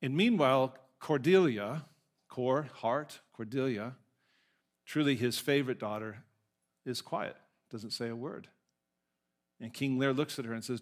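A man's voice: mid-range voice, unhurried, pauses often. A male pastor preaching a sermon, reading scripture and telling stories in a conversational way, with asides and self-corrections.

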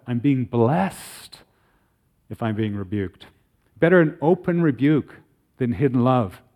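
A middle-aged man preaching a sermon as pastor, earnest, slowing down when he reads scripture aloud. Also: medium pitch, darkish tone. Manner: earnest, slows down to read scripture.

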